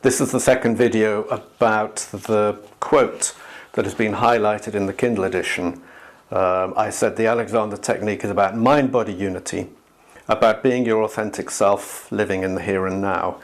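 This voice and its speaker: A man who teaches the Alexander Technique, explaining it to camera in a casual, thinking-aloud way with pauses and restarts, and acting out inner voices in a livelier, higher tone. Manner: acts out inner voices with raised, lively pitch. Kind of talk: casual instructional monologue to camera.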